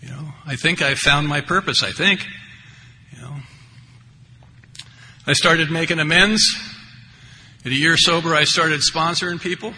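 Older man, recovery meeting speaker, rambling and wry, slightly high voice, faint background noise. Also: measured pace, long pauses, pushed and bright, long reverb tail, low-quality recording. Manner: rambling, conversational, wry humor, many asides. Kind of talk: personal recovery share.

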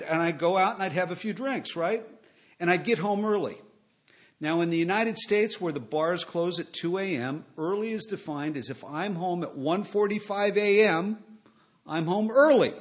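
Wry middle-aged man telling his story. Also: high-pitched. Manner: wry, self-mocking humor with lively swings in loudness. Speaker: speaker sharing his recovery story. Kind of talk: personal storytelling talk to an audience.

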